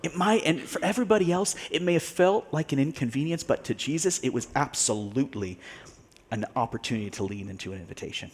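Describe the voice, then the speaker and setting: A male pastor preaching a sermon, telling a story with animated delivery, acting out the people he quotes and laughing now and then. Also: mid-range voice, quick pace.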